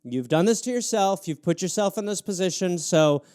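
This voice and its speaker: A man hosting a livestream, riffing on viewer prompts in an animated, sarcastic comic manner. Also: sits high, normal speed, clear, resonant tone, no room sound, clean studio sound. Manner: animated, sarcastic, jumps between mock voices and asides. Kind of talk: solo improvised comedy riff on a livestream.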